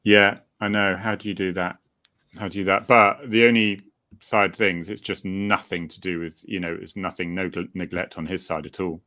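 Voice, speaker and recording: Jokey man with a lowish voice. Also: little pitch movement, bright, forceful tone. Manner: jokey, teasing, quick to laugh. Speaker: co-host. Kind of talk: casual chat.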